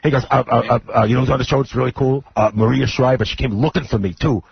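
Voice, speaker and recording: A man's voice: medium pitch, fairly even intonation, quick pace, gravelly, slightly rough, no room sound. A man imitating a middle-aged name-dropper who stumbles over his words with constant "uh"s. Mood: bragging. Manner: flustered, full of "uh"s. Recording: muffled radio broadcast.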